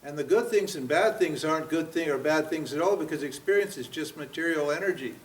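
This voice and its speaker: This American spiritual teacher, in his seventies, has a voice on the high side with lively intonation and talks a little fast. Lecturing in a yoga center seminar room, he challenges his audience with rhetorical questions and frequent "huh?" and "what?", recorded roomy and from far off.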